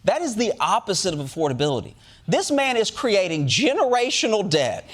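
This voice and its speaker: A man delivering a sarcastic, animated comedic monologue as host. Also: high-pitched, a little fast.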